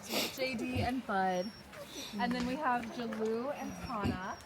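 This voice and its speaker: A woman's voice: a little high, measured pace. A woman musher introducing her sled dogs in a friendly, matter-of-fact way at an outdoor camp. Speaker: musher, dog handler. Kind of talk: casual guided introduction. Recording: loud outdoor background noise. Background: dogs, outdoor ambience.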